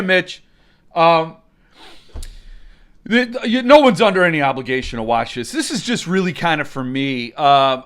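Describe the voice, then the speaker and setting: A man's voice: on the high side, fairly bright tone. A man hosting a live stream, ranting in a rambling, mock-outraged way, and he breaks into sudden screams.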